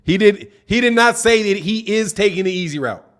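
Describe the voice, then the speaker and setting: A man's voice: sits high, normal speed, fairly bright tone. A man hosting a boxing channel, arguing heatedly in an opinion rant, profane and repeating his points for emphasis.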